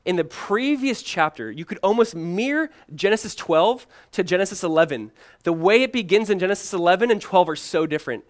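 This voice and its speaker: A male pastor preaching a sermon, swinging from loud emphatic lines to hushed, pleading ones and repeating key phrases. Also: high voice, animated, brisk, hardly any pauses.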